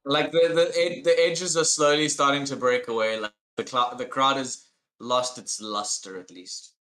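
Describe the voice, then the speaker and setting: A man's voice: mid-range voice, fairly even intonation, normal speed, sharp tone. A man running a tabletop game as game master, calling for rolls and narrating the scene.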